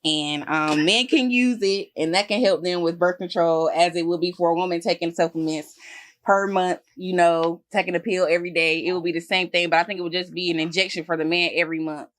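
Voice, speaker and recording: A woman's voice: fairly low pitch, steady tone, brisk. A woman co-hosting a podcast, talking candidly and at length in casual chat. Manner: candid, emotional, talks at length. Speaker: podcast co-host.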